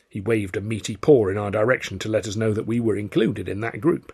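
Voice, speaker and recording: Guy reading his own book out loud, husky voice, wry storyteller. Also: lowish voice, a little fast, few pauses. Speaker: author and narrator. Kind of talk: first-person audiobook narration.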